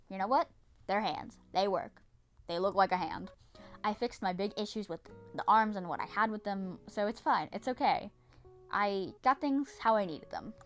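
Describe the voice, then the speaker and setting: Young woman, casual vlog narration, dramatic and swearing, faint music behind. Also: medium pitch. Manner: animated, dramatic, swears often, repeats herself. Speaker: vlogger.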